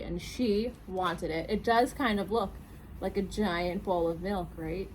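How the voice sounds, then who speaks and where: A woman, a children's librarian, reading picture books aloud at a storytime, animated and asking her young listeners questions. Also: mid-range voice, measured pace, slight background noise, rough recording.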